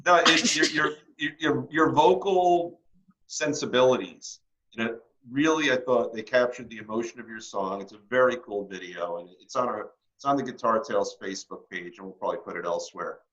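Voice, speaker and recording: A man hosts a relaxed interview, stammering and doubling back mid-sentence while he jokes. His voice sounds bright and pushed forward. The recording is dull and lo-fi. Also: medium pitch, fairly quick. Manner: rambling, stammering, joking. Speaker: host. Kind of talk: casual interview chat.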